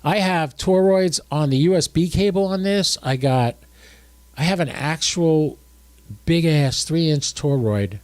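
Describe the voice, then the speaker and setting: A man's voice: medium pitch, a little mellow, no room sound. Tired man demonstrating his radio setup. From United States. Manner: chatty, thinks aloud while working the radio. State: drowsy and tired. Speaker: ham radio livestream host. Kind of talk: casual livestream demonstration.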